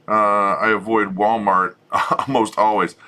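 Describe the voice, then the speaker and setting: A man's voice: on the low side, measured pace, slight background noise. A middle-aged man co-hosting a homesteading channel, chatting casually and jokingly with viewers. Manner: chatty, relaxed, joking, frequent restarts.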